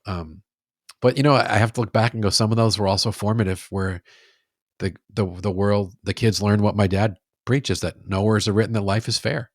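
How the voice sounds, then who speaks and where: Low-voiced reflective man, dry sound. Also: fairly even intonation, no room sound. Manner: reflective, measured, halting restarts. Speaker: guest, sales author. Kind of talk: casual conversational interview.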